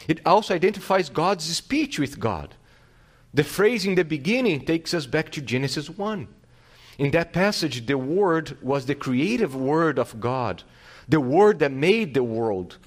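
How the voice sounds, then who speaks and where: A man pastor preaching a sermon, teaching with rhetorical questions and restarting phrases, swinging his loudness and pace for emphasis. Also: on the high side, big pitch swings, unhurried.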